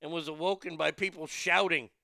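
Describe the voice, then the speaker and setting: Profane, gravelly-voiced male podcast host. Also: fairly high pitch, fairly even intonation, a little fast, bright, forceful tone, no room sound, studio quality. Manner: profane, outraged and mocking. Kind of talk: crude comedic news rant.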